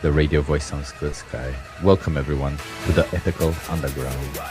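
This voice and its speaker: Deep-voiced joking man from Romania. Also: steady tone, moderate pace, darkish tone, soft background music. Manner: joking, teasing, stumbles over words. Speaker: co-host. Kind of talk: casual livestream chat.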